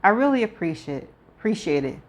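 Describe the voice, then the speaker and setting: A woman's voice: mid-range voice, sing-song, brisk, natural voice. A woman reading a novel aloud, voicing a polite, puzzled man who stumbles and repeats himself. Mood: earnest.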